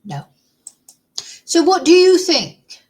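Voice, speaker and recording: A woman's voice: extremely high pitch, sing-song, slow, a little mellow, low-quality recording. Woman musing through rhetorical questions. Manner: musing, thinking aloud with many rhetorical questions. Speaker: vlogger. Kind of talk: casual chat.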